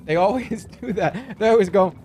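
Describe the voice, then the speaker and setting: A man's voice: high voice, normal speed, a little mellow, slight background noise. A man in his forties chatting casually on a live stream, joking and often laughing. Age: 40s. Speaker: livestreamer.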